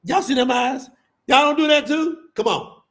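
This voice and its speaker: A man preaching with fire to a live audience, emphatic and colloquial, calling out to the crowd as y'all and bursting into shouts. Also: extremely high pitch, normal speed. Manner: colloquial, addresses listeners as y'all. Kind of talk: fiery sermon to a live audience.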